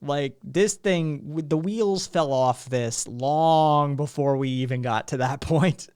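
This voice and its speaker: A man's voice: fairly high pitch, takes it slowly, a little mellow, clear, resonant tone, dry recording, clean studio sound. A man hosting a casual streamed podcast chat, sarcastic and laughing, swearing freely. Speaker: podcast host.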